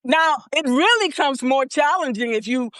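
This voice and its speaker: A woman's voice: high voice, lively intonation, moderate pace, fairly bright tone, no echo, clean studio sound. A woman hosting a podcast interview in casual chat, checking in with her guest with a frequent "okay?" as she explains. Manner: peppers talk with "okay?". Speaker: podcast host.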